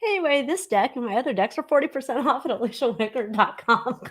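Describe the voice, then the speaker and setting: A woman's voice: on the high side, animated, fast talker. Woman, tarot stream host, snarky jokes, casual chatter, fillers and asides. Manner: snarky, joking, laughs at her own jokes. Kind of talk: casual live-stream chat with card readings.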